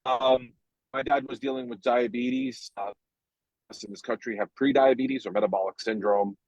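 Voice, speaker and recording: A man's voice: mid-range voice, steady tone, normal speed, a little mellow, no room sound, dull audio. A man earnestly telling a personal story over a call from a parked car. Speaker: guest. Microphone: phone call from a parked car.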